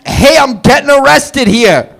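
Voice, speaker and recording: A loud, brash New York stereotype bellows every line, pitched well above a natural speaking voice and stretched out slowly, as a male comedian puts him on. Each short phrase lands in a drawn-out shout. He sounds like a live stand-up bit on a stage mic. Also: animated, vocal fry, exaggerated voice. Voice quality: exaggerated drawn-out shouting delivery. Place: open mic comedy venue, indoors.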